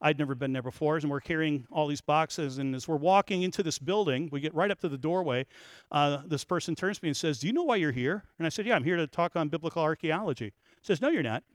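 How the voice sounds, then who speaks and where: A man's voice: on the high side, animated, quick pace, dry recording. A man giving a talk on biblical archaeology, telling a story to an audience and rising to emphatic peaks.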